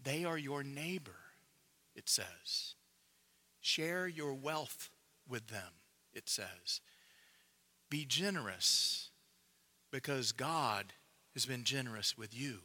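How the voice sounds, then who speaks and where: A man preaching a sermon in a measured, emphatic way, dropping to a hush to drive points home. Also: mid-range voice, expressive.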